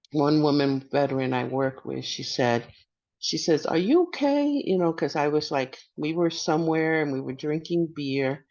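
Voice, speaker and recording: Middle-aged woman, veteran panelist; halting testimony, lots of restarts, dull lo-fi sound. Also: very deep voice, a little mellow. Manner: halting, hesitant, with many restarts. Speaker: veteran panelist and peer support worker. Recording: muffled lo-fi audio.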